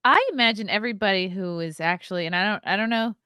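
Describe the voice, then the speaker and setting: A woman hosting a podcast, reacting to her guest with quick joking interjections. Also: mid-range voice, bright, forceful tone, smooth, dry recording, studio quality. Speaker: podcast host. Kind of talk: casual podcast conversation.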